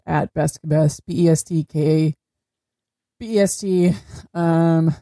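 A woman's voice: sits low, creaky, warm tone, dry recording, clean studio sound. A woman co-hosting a podcast in casual chat, joking wryly. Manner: wry, joking. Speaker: podcast co-host.

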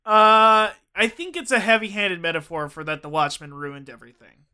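A man's voice: high voice, normal speed, sharp tone, clean tone. A man co-hosting a casual podcast chat, rambling through banter and laughing often. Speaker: podcast co-host.

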